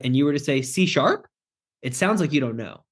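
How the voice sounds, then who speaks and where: A man's voice: mid-range voice, animated, quick pace. A man, a sales closing expert, chatting on a podcast in a direct, joking way and acting out phone calls. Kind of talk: casual podcast chat.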